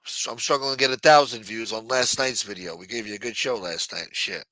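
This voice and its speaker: This late-night livestream host goes through viewer chats with loose, foul-mouthed, jokey banter. He speaks briskly in a lowish voice that is pushed and bright, captured in a dry recording.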